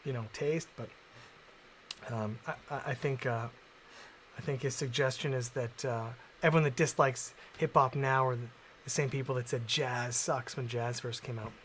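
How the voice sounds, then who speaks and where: A man's voice: medium pitch, steady tone, moderate pace, fairly bright tone, slight background noise. A man, chatting casually on a stream, laid-back and swearing often.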